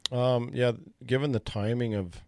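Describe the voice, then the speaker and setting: A man, a wildlife biologist, answering questions in a podcast interview in a measured, thoughtful way with some halting pauses. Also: mid-range voice, steady tone, dark tone, dry recording, studio quality.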